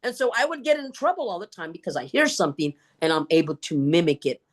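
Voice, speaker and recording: A woman speaker answering questions on a video call, with an animated storytelling delivery. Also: on the low side, quick pace. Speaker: guest speaker. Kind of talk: Q&A answers in an online meeting.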